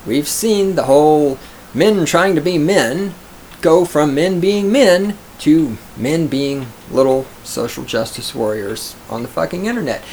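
A man's voice: on the high side, measured pace, a little mellow, slight background noise. A man reading an article aloud and reacting to it in casual commentary, profane and sarcastic, often mocking others in a raised put-on voice.

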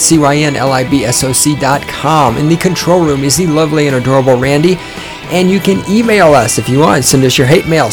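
A man hosting his own podcast, talking in a sarcastic, profane, ranting way, his voice starting to go hoarse. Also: a little high. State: voice going hoarse. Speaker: podcast host. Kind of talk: casual opinionated podcast monologue. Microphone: studio microphone.

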